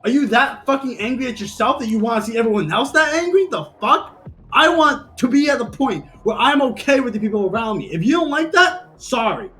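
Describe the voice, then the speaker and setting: Exasperated high-voiced man arguing. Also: lively intonation, a little fast, a bit bright. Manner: defensive, exasperated, swearing. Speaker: streamer. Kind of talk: heated voice-chat argument.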